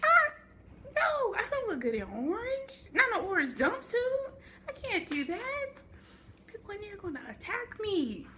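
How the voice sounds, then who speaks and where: A woman's voice: very high voice, very animated, measured pace, bright, forceful tone, slight background noise, voice pushed up, exaggerated voice. A young woman voicing her younger self, a panicking teenage girl wailing and pleading. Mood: panicked. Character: panicking teenage girl begging not to go to jail.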